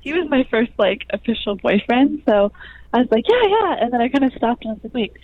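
Young woman in her 20s, soft and hesitant, lots of ums, kinda lo-fi sound. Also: a little high, fast talker. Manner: soft-spoken, frequent ums and likes. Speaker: guest. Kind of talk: interview conversation.

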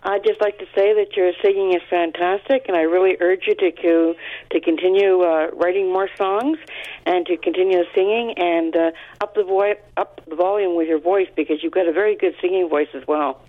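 A woman's voice: on the low side, steady tone, fairly quick. A woman calling in to a radio show, earnest and encouraging. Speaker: caller. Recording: tinny phone line.

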